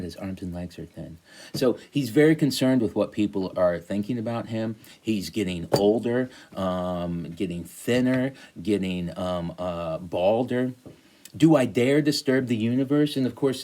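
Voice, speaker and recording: A middle-aged man gives a casual recorded lecture on a poem, rambling through his points with plenty of ums and restarts. His voice sits fairly low, and he leans into the quoted lines with more lift. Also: darkish tone. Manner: casual, rambling explanation with many fillers and restarts. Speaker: college literature teacher.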